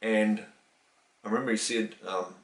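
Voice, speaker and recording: A man's voice: fairly low pitch, normal speed. Distant-sounding man telling a story. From New Zealand. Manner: animated, acts out quoted dialogue, many restarts. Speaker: interviewee. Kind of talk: casual storytelling interview. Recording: roomy, distant from the mic.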